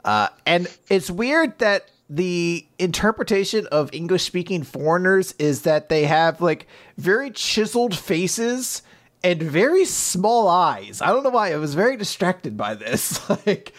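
Man retelling a story casually, kinda high voice, bouncy and animated, laughs a lot. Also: unhurried. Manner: lively, acts out characters in squeaky high voices, laughs often. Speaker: podcast co-host recapping a manga chapter.

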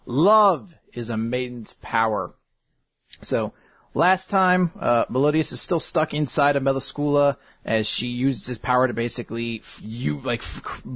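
A man's voice: medium pitch, fairly bright tone, no room sound. A man hosting a casual, rambling recap of a comic, often laughing and swearing. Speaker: host.

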